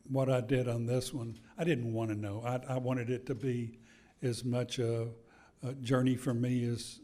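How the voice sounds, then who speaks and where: An older man, an author, talking slowly and telling stories with pauses at a live book event. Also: mid-range voice. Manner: unhurried, storytelling with pauses and soft chuckles. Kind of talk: conversational book talk. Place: event hall with an audience.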